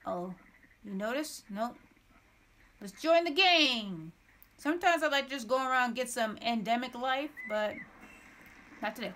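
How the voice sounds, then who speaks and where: High, lively, excitable woman gamer. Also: unhurried, long pauses, soft background music. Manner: excitable, exclaiming and repeating words. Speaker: gameplay streamer. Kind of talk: live gameplay commentary.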